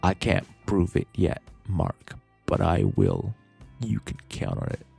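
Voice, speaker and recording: In a whispered role-play, a man voices a menacing school principal who growls his threats in a scary little whisper. The voice is deep, heavily gravelly and husky, and it drags along very slowly. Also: big pitch swings, mellow, faint music behind, heavily acted.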